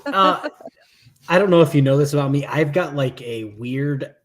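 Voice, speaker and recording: A man's voice: fairly high pitch, normal speed. Laid-back Michigan man, a bit tipsy. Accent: Michigan with slips into Southern. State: has been drinking. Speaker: co-host of a live stream. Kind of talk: casual chat.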